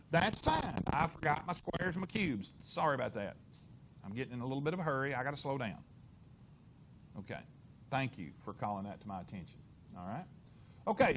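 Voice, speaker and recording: A middle-aged man teaching physics in a classroom, working problems aloud with lively inflection and constant questions to the class. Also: medium pitch, slight background noise. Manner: animated, lots of rhetorical questions and inflection.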